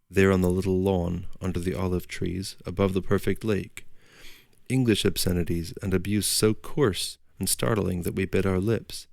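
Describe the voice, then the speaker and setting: A man narrating a literary audiobook in a measured storytelling manner. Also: deep voice, gravelly, a little mellow, no room sound, clean studio sound.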